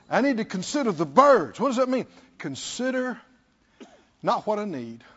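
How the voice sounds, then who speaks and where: A man's voice: high-pitched, sing-song, unhurried, a bit bright, lo-fi sound. A man preaching a sermon, repeating phrases and putting questions to his listeners.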